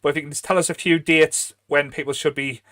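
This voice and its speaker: A man's voice: a little high, fairly even intonation, fast, fairly bright tone, no echo, studio quality. A man hosting a podcast, chatty and encouraging, with frequent backchannel agreement. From North East England. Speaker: podcast host. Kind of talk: casual podcast chat.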